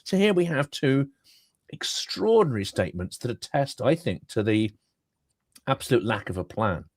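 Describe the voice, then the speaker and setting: Man, podcast host, very animated pitch, wry asides, dry close mic. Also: moderate pace, dry recording. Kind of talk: interview questions and commentary.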